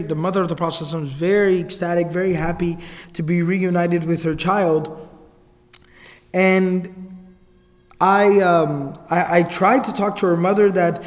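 A man with a high voice tells a story as a casual, chatty lecturer. His speech rings with the long reverb of a hall. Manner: casual, conversational retelling with asides. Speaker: religious lecturer.

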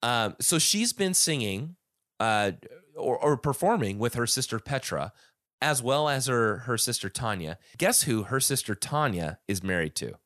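A man's voice: mid-range voice, lively intonation, a little slow, a bit bright, dry recording, clean studio sound. A man hosting a casual podcast about a music album, rambling with many restarts and fillers. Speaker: podcast host.

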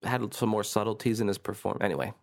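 A man's voice: lowish voice, fairly even intonation, quick pace, vocal fry. A man co-hosting a podcast, chatting casually in an easygoing way and often trailing off mid-thought. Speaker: podcast co-host. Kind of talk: casual chat.

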